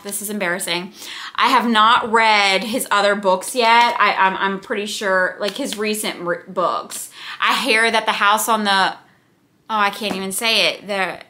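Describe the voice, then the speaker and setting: Bright-voiced gushing woman book vlogger. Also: medium pitch. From United States. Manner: gushing, chatty, rambling asides. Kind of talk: casual chat.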